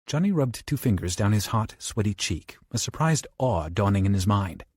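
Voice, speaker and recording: A man's voice: on the low side, moderate pace, breathy edge, dry recording, clean studio sound. A man narrating a horror audiobook in a dramatic style. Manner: dramatic, with lively shifts into character voices.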